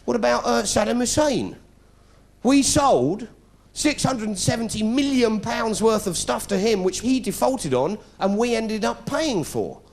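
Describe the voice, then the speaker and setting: A man's voice: very high voice, expressive, measured pace, gravelly, darkish tone. A middle-aged British man telling a sarcastic stand-up story, putting on voices as he goes. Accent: British English. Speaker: comedian. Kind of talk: stand-up comedy routine. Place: stage before a live audience.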